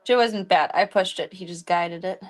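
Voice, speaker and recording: A woman's voice: lowish voice, moderate pace. A young woman streamer chatting casually at home, rambling and cooing baby talk at her cats. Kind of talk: casual chat while streaming.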